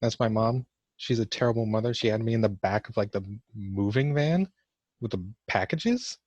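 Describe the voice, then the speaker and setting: A man's voice: on the low side, animated, normal speed, darkish tone, dry recording, dull audio. A young man giving casual let's-play commentary for a class vlog, awkward and joking at his own expense. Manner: awkward, self-mocking joking. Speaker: gamer doing a class vlog.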